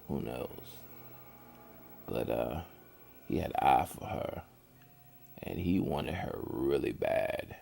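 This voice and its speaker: A man's voice: extremely low pitch, gravelly, a little mellow. A man casually narrating a horror story in a drawling, colloquial way with loose grammar.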